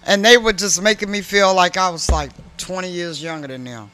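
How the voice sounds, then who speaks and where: A woman's voice: fairly low pitch, brisk, bright, forceful tone, faint music behind. An older woman co-hosting a radio show, sassy and playful, with preachy asides in casual banter. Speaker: radio co-host. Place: radio studio.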